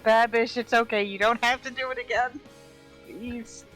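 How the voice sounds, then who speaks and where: A woman on a livestream, chiming in with dry, deadpan reactions. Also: a little high, normal speed, soft background music. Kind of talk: casual chat on a livestream.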